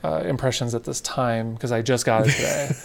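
A man co-hosting a casual podcast chat, talking in a relaxed, conversational, loosely descriptive way. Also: mid-range voice, a little fast, gravelly. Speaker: podcast co-host.

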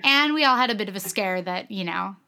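A woman's voice: mid-range voice, lively intonation, fairly quick, crowd noise. A woman co-hosting a podcast, telling stories in casual chat with many ums and some swearing. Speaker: podcast co-host.

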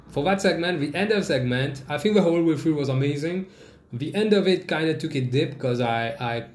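A man talks alone into his podcast mic, telling a story about a falling-out with a friend in loose, profane chat. His voice sits at an ordinary pitch but leaps up sharply on words he wants to stress, and the room around him gives back a clear echo. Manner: swearing, animated storytelling with sudden jumps in pitch. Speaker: podcast host. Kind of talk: casual podcast monologue. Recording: echoey room.

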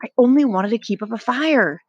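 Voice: medium pitch, animated, fairly quick, husky, no echo, muffled recording, voice pushed up. A reader voicing a frightened, hunted boy who pleads anxiously with his friends in a storybook reading. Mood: pleading.

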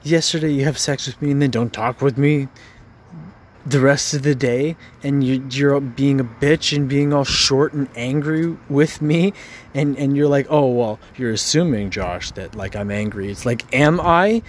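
A man of middle pitch pours out an angry, frustrated rant. He swears often and stumbles over repeated words as he pushes on. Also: steady tone, measured pace, slight background noise. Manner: frustrated, profane, stammering repeats.

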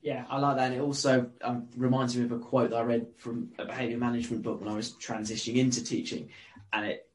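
A man hosting a podcast, asking thoughtful questions with many pauses and ums. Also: mid-range voice, little pitch movement, rough recording. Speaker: podcast host. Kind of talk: interview questions.

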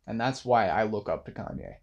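A man's voice: lowish voice, lively intonation, brisk, creaky, darkish tone, dull audio. A young man hosting a late-night monologue, rambling casually with many fillers and restarts. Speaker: podcast host.

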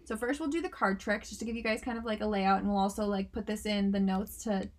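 A woman's voice: medium pitch, steady tone, fast. Woman, young adult, podcast co-host, casual, playful, mock-serious. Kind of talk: casual chat.

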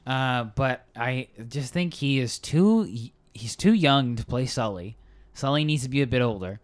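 A young man gives blunt, opinionated takes as a podcast co-host. His voice is smooth and clear, with a middle pitch. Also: animated, unhurried. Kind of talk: casual film review chat.

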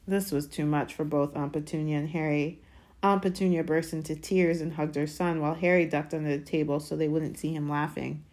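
A woman with a lowish voice narrates a chapter aloud. Her delivery is steady and expressive, in audiobook style. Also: a little fast. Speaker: audiobook reader. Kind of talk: audiobook reading.

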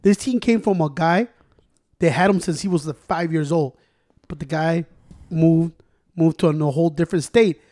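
A man's voice: a little high, normal speed, warm tone. A man in casual chat, swearing freely and mixing Spanish into his English. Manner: profane, mixes Spanish and English.

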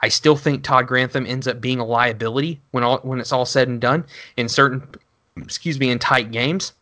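A man's voice: medium pitch, moderate pace. Rambling man on a sports podcast. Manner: rambling, many restarts, animated rants. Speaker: podcast co-host. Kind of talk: casual sports podcast chat.

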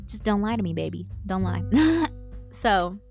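A woman's voice: mid-range voice, measured pace, gravelly, faint music behind. Candid, foul-mouthed young woman ranting. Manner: candid and heavily profane, ranting; animated, shifts into mocking outbursts. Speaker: podcast host. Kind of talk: solo podcast rant.

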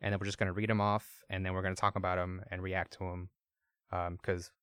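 Easygoing low-voiced podcast host. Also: male voice, flat delivery, fast talker, a bit bright, clean tone, dry recording, clean studio sound. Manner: easygoing, laughs often. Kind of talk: casual chat.

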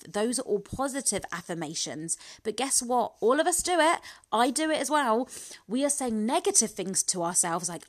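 A woman's voice: fairly high pitch, expressive, normal speed. A woman hosting a casual motivational podcast from her living room, chatty and upbeat, often laughing and asking "guess what". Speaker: podcast host, business coach.

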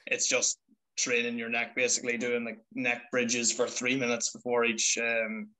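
A man's voice: medium pitch, moderate pace, rough recording. A man talking casually on a podcast, his voice sitting in an ordinary middle register. He tells stories with energy, lifting his voice well above it whenever he acts out someone else's words. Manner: animated storyteller acting out quotes. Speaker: podcast guest, trainee wrestler. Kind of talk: casual chat.

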